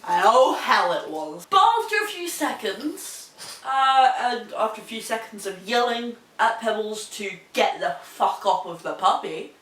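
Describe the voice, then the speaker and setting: A young woman with a New Zealand accent telling a story in a sweary, animated way, laughing as she goes. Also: fairly high pitch, measured pace. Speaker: vlogger. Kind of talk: casual storytelling. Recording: echoey room, mic at a distance.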